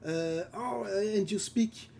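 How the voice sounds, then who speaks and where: Slow, mellow French-accented man. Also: sits high, creaky, a little hiss or hum. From France. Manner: halting, searches for words, often laughs. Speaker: concept artist streaming live. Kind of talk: casual chat while drawing on stream.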